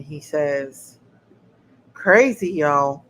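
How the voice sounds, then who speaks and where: A woman's voice: on the low side, slow, slight background noise, low-quality recording. A woman hosting a casual livestream, talking to her chat viewers and sounding indignant. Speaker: livestream host.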